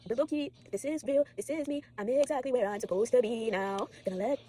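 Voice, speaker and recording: A woman's voice: on the high side, fairly quick, dark tone, faint music behind. A teenage girl vlogging at home after an all-nighter, tired, swearing and rambling from topic to topic. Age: teens. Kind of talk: rambling late-night vlog.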